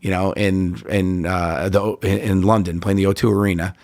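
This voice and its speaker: A middle-aged comedian guest in a casual podcast interview, animated and storytelling, quoting himself and others. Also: male voice, low-pitched, normal speed, no echo. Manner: animated storyteller, quotes himself and others, frequent "like" and "you know".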